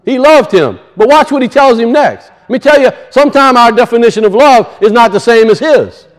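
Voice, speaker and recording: A man's voice: very high voice, expressive, brisk. A male pastor preaching a sermon, emphatic, with rhetorical questions and casual asides.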